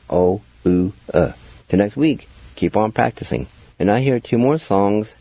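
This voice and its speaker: Slow, patient man teaching spelling. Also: on the low side, mellow, no echo, highs cut off. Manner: patient, spells letter by letter and repeats words. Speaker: radio language teacher. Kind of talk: slow spelling and pronunciation lesson.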